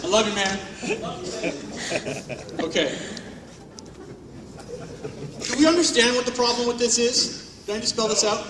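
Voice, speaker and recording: A man's voice: very high voice, measured pace, pauses often, far from the mic, background noise. A man giving a comedic, profane keynote talk on stage at a conference, mocking and sarcastic. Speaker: conference speaker. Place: large hall on stage. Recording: echoey hall, speaker off-mic.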